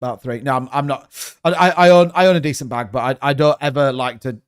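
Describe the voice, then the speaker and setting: A man's voice: mid-range voice, quick pace, clean tone. A man in his thirties, hosting a crypto livestream, talking bluntly and rambling, sometimes swearing. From United Kingdom. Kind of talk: casual livestream chat.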